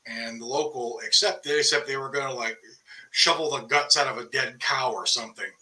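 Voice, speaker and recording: A man's voice: mid-range voice, fairly quick, bright, forceful tone, far from the mic, rough recording. A man chatting loosely on a podcast, peppering his talk with "like". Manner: chatty, lots of "like". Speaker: podcast host. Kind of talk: casual podcast chat.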